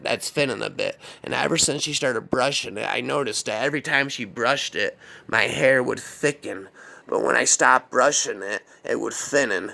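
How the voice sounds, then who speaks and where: A man's voice: medium pitch, creaky, bright, forceful tone. A man telling a crude comedic horror story in a rambling, profane, casual way.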